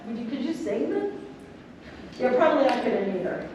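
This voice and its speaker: A woman's voice: fairly high pitch, big pitch swings, normal speed, darkish tone, slight background noise. A woman clinician coaching a string orchestra in rehearsal, counting beats aloud, singing counts and quizzing the players. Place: large convention rehearsal hall. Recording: echoey hall from far off.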